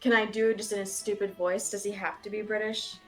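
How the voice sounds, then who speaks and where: A woman's voice: medium pitch, level tone, fairly quick, soft background music. A young woman joking playfully with a friend while playing a video game. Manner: playful, giggly. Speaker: game co-player. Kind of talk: casual let's-play chat with a friend.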